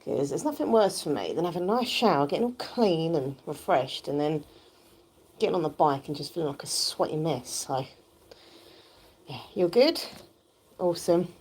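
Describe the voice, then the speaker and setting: Chatty woman streaming from her exercise bike, low and husky, croaky with sleep, rambling and laughing. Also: expressive, normal speed, long pauses, darkish tone. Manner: chatty, rambling, laughs often while pedaling. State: croaky, just woken up. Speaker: livestreamer. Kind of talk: casual livestream chat. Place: home, indoors, on an exercise bike. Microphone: phone held close.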